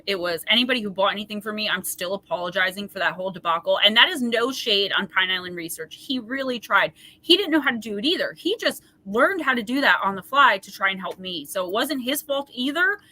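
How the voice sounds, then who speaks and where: Woman, livestream host, oracle card reading, chatty, rambling, bright tone. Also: mid-range voice, lively intonation, brisk. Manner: chatty, rambling, warm-hearted asides to viewers.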